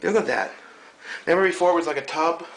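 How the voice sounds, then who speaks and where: A young man with a hoarse voice, chatting and joking to camera in a casual vlog, recorded on a camcorder. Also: on the high side, quick pace, fairly bright tone, low-quality recording. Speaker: vlogger. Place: outdoors in woods, then indoors at home. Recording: faint background noise.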